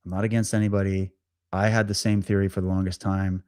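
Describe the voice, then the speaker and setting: A man hosting a livestream, telling a story in a casual, animated way, often stammering, repeating himself and acting out what others said. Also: deep voice, quick pace, clean tone, no echo, clean studio sound. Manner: animated, stammers and repeats words, acts out quotes. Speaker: livestream host.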